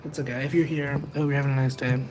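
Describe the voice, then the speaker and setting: A man's voice: mid-range voice, little pitch movement, very fast, background noise. Rambling, self-conscious male livestreamer. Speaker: livestreamer and tarot reader. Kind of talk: casual livestream chat, answering viewers. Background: music playing in the background.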